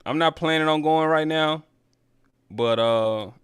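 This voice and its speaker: A man's voice: a little high, a little slow, fairly bright tone, clear, resonant tone, dry recording, clean studio sound. A man hosting a casual sports talk stream, talking loosely and calling his viewers y'all. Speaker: sports talk livestream host. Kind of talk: casual chat reading viewer comments.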